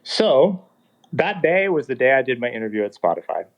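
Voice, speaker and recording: A man in his thirties telling his own story in a casual, animated way, acting out the dialogue as he goes. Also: medium pitch, normal speed. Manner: animated, acts out dialogue in quotes. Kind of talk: casual first-person storytelling. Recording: dull lo-fi sound.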